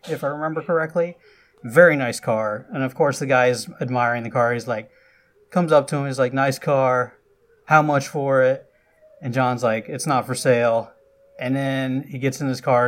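A man casually retelling a film's plot for a podcast, chatty and loose, with frequent asides and lively bursts. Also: mid-range voice. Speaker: podcast host recapping a film. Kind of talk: casual film recap.

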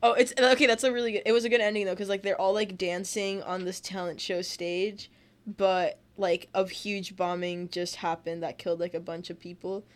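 A woman's voice: medium pitch, flat delivery, moderate pace. A young woman in casual chat, talking about TV shows with many fillers and frequent laughter. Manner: chatty, lots of "like" fillers, laughs often.

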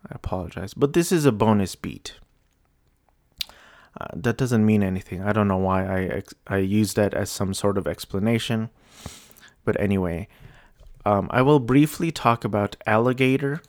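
A young man talking alone on his show, hesitant and apologetic, sounding low and despondent with many restarts. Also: normal speed, darkish tone, no room sound, studio quality. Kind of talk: rambling solo commentary.

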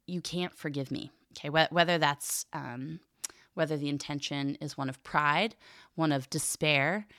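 Low gravelly woman teaching catechism. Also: a bit bright, dry recording, studio quality. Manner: earnest teaching with frequent fillers and restarts. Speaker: podcast host and theology teacher. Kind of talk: reading and explaining a catechism.

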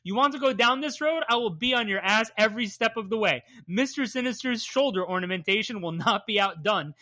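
A vain, sassy supervillain snipes back with a catty retort, a podcast host putting on the voice casually. The tone is bright and a touch higher than the host's normal speech. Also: lively intonation, brisk. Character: sassy, vain male comic-book supervillain.

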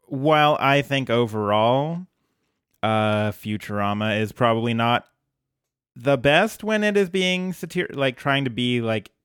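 Dude cohosting a podcast, smooth clear voice, dry close mic, chill and wry. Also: male voice, medium pitch, no room sound. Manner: wry, easygoing, quick quips. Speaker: podcast co-host. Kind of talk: casual chat recapping a cartoon episode.

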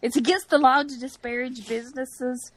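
A woman's voice: high-pitched, steady tone, moderate pace, poor audio. A woman co-hosting a podcast, adding wry, matter-of-fact remarks to a casual episode recap. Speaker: podcast co-host.

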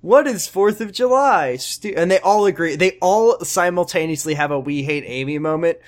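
A man's voice: fairly high pitch, lively intonation, normal speed. A man co-hosting a casual podcast, sarcastically mocking a TV show and swearing. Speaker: podcast co-host. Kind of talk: casual recap chat.

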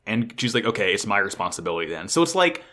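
A man co-hosting a podcast, recapping an anime episode in excitable, swear-heavy casual chat and acting out characters' lines. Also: lowish voice, fast talker. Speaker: podcast co-host.

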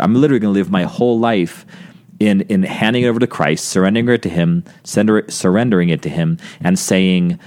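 A man's voice: deep voice, brisk, a little mellow. A man speaking earnestly about faith in a reflective podcast conversation, often restarting his sentences.

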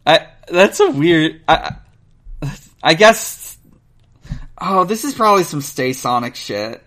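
A man's voice: fairly high pitch, very animated, takes it slowly, fairly bright tone. A man hosting a casual read-through of a gamebook with wry asides. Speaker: host reading a gamebook. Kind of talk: casual reading aloud and chat.

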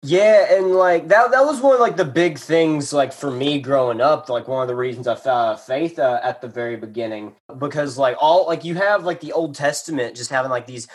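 A man's voice: a little high, moderate pace, hardly any pauses. A man co-hosting a casual book discussion podcast, rambling and full of filler words. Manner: rambling, many filler likes. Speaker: podcast co-host.

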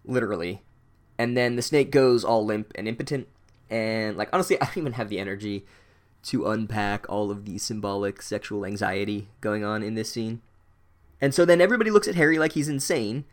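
A man recapping a book as a comedic monologue, sarcastic and profane, with deadpan asides and loud incredulous outbursts. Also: on the low side, fairly quick. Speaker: podcast host recapping a book.

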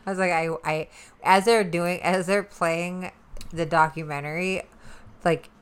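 A woman's voice: fairly low pitch, fairly even intonation, a little slow, clean tone. A woman hosting a podcast in casual chat, giggly and teasing, recorded in a room with an open window. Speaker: podcast host.

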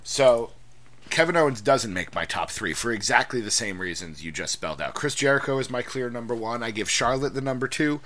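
A man's voice: medium pitch, expressive, brisk, fairly bright tone. A man hosting a casual chat show, asking questions and often repeating words as he starts a thought. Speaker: podcast host.

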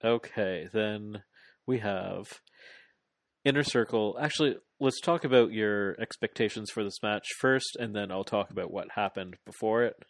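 A man co-hosting a casual podcast, recapping a wrestling match in a rambling, animated play-by-play full of fillers. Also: fairly low pitch, moderate pace, dry recording. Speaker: podcast co-host.

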